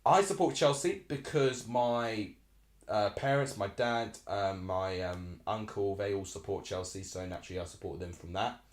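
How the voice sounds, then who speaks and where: A man's voice: fairly low pitch, normal speed, reverberant. A young man from Essex in his twenties, hosting a live football watchalong and chatting in a rambling way as he reacts aloud to the match. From Essex, England. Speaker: live stream host.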